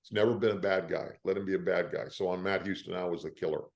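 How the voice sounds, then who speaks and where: An older man, an actor, telling stories in an interview with a lively, emotional delivery. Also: deep voice, fast talker, creaky. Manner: lively storyteller, emotional at times. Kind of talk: animated anecdotes.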